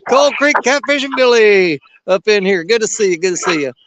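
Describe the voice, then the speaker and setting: Folksy man, high voice. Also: normal speed, lo-fi sound, background noise. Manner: folksy, drawling, calls viewers brother. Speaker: livestream host. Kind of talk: casual livestream chat reading viewer comments.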